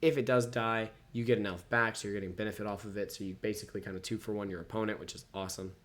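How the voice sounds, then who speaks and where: A man's voice: fairly low pitch, fairly even intonation, very fast, fairly bright tone. A man casually reading card text aloud and rating each card out of ten, yawning now and then. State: yawning, sleepy. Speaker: card game reviewer. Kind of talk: casual set review, reading cards aloud.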